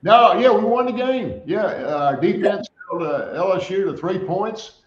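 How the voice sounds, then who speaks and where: A man's voice: high voice, lively intonation, normal speed. Older male guest, spins stories with frequent chuckles, echoey dull audio. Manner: chuckling storyteller, laughs often. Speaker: guest, former quarterback. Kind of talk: storytelling in a radio interview.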